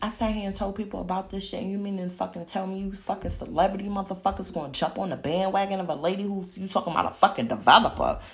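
A woman's voice: mid-range voice, quick pace, hardly any pauses. A young woman hosting a podcast, ranting in a heated, profane and confrontational way and firing off repeated rhetorical questions. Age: young adult. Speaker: podcast host. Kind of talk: angry podcast rant.

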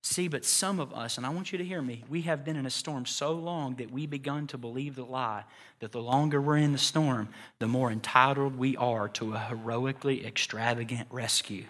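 A male pastor preaching a sermon, animated, acting out voices and building to loud, high passages. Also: moderate pace. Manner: animated, acts out God and churchgoers.

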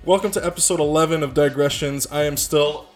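A man hosting a podcast, talking casually in a halting way with restarts and the odd curse. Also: a little high, fairly even intonation, faint music behind. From Canada. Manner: halting, many fillers and restarts, sometimes swearing. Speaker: podcast host.

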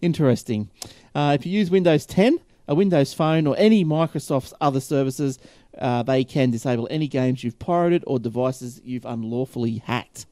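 A man's voice: mid-range voice, moderate pace, warm tone, dry recording, clean studio sound. A man hosting a casual tech podcast, rambling and chatty with frequent laughs. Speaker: podcast host.

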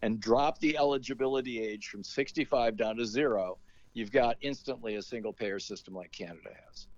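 A man's voice: medium pitch, fairly quick, no room sound, lo-fi sound. A man, a talk radio host, telling a story in a casual interview and acting out the quotes.

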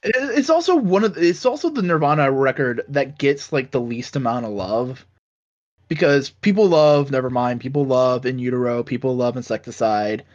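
A man's voice: medium pitch, animated, moderate pace. Blunt, stumbling male podcast co-host. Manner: blunt, swears, stumbles over words. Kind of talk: casual podcast chat. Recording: dull lo-fi sound.

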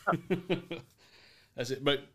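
A man hosting a podcast in casual chat, relaxed, laughing along and guiding the talk. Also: on the high side, very slow, a crowd in the background. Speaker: podcast host.

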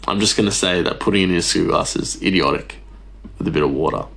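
A podcast host rants casually, rambling and exasperated, his low, creaky, slightly bright voice jumping up for emphasis. He talks fast, and faint music plays in the background.

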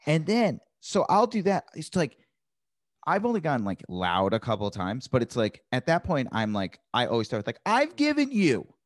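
A comedian in casual conversation, his pitch swinging up and down as he acts out rants with lots of energy. The recording is dry and close, with no room sound. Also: very animated, normal speed, no room sound. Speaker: stand-up comedian. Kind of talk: casual chat.

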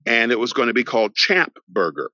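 A middle-aged man, an actor guest on a podcast, telling a long story in an animated way and acting out the voices of the people in it. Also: mid-range voice, fairly quick, no room sound. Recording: dull lo-fi sound, dry.

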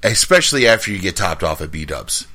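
A man's voice: low voice, big pitch swings, a little fast, pushed and bright. A man co-hosting a casual sports podcast, joking around and laughing often. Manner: laughs often, jokey, does voices from movies. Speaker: podcast co-host.

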